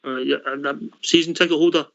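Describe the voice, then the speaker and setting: A man's voice: on the high side, steady tone, quick pace, creaky, fairly bright tone, dry recording. A man hosting a radio phone-in, chatty and blunt, calling everyone mate. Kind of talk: casual phone-in chat. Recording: dry, dull lo-fi.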